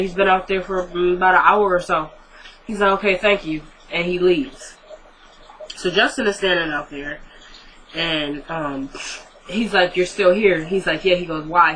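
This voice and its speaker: A person casually recapping a TV drama episode, retelling the scenes in quick, paraphrased dialogue and adding their own opinions. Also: mid-range voice, bright, forceful tone, rough recording.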